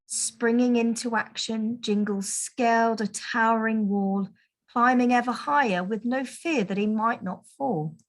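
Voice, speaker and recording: A woman teacher reading a Christmas picture book aloud to children, in a gentle, expressive storytelling manner. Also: on the high side. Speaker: primary school teacher.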